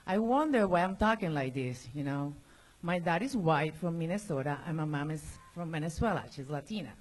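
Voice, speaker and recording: A woman with a Spanish accent doing a halting first stand-up set, lots of fillers and nervous laughs. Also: low-pitched, lively intonation, darkish tone, low-quality recording. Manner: halting, laughs between words, lots of "you know". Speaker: open-mic comedian. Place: comedy club stage.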